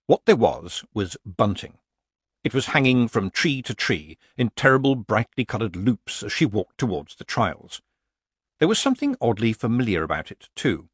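Husky male storyteller, very lively pitch. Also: no room sound, studio quality. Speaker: audiobook narrator. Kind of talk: storytelling narration.

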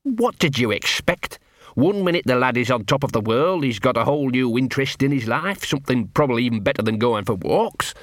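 A man's voice: medium pitch, expressive, a little fast, no room sound, studio quality, natural voice. A man voicing a scruffy, streetwise male talking dog who grumbles sardonically. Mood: sardonic.

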